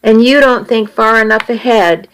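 Lady narrator doing a worried teen boy, quiet and careful, storybook dialogue. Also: fairly high pitch, normal speed, clean tone, close to an everyday voice. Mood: calm. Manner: quiet, pleading, reasoning. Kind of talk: audiobook dialogue.

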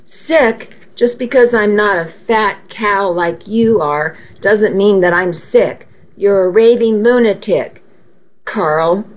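A woman reading aloud and voicing a vain, dramatic middle-aged mother who talks in a shrill, self-pitying way, on a dull lo-fi recording. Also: slow, lightly acted. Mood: indignant.

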